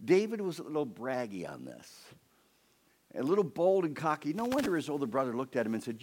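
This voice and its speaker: A man preaching a sermon, telling a story with lively energy and talking straight to the congregation. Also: mid-range voice, a little fast. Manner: animated storytelling, addresses the congregation.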